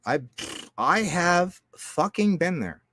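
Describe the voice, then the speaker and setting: A man talking in a loose, profane, rambling monologue, jumping between loud outbursts and low mutters. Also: very animated, slow pace, dry recording, studio quality. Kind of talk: casual monologue.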